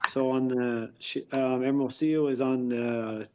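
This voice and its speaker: A man in his fifties with an average-pitched voice, rambling easily through long stories on a video call. His voice comes through dull and lo-fi, with the high end muffled. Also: little pitch movement, a little slow, dark tone, clean tone. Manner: long rambling anecdotes, easygoing. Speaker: real estate investor and contractor on an accountability call. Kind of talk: casual chat.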